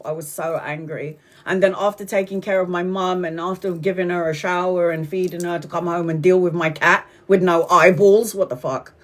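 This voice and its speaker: A woman in her forties hosts a live tarot reading in a plain, mid-pitched voice. She talks straight to her viewers, bluntly and emphatically, and drops curse words without hesitation. Her delivery is casual and unscripted. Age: 40s. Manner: blunt and emphatic, swears freely. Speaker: tarot reader.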